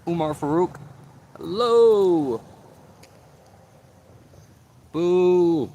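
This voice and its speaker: A man's voice: high-pitched, expressive, drawn-out words, warm tone. A man from Florida hosting a casual livestream outdoors while fishing, chatting and tossing questions to his viewers. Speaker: livestream host. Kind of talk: casual live-stream chat with viewers. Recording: noisy outdoor livestream audio.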